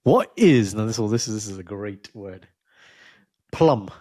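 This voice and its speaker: A man's voice: fairly low pitch, lively intonation, measured pace, mellow, no room sound. A man co-hosting a podcast, chatting casually and playfully teaching words with jokes. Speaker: podcast co-host. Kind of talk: casual chat.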